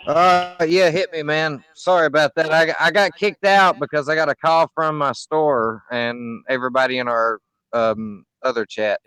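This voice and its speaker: Stammering, playful higher-voiced man. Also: moderate pace, smooth, no echo, rough recording. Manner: stammering, playful, shouts in jest. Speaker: stream guest. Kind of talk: casual chat on a game stream.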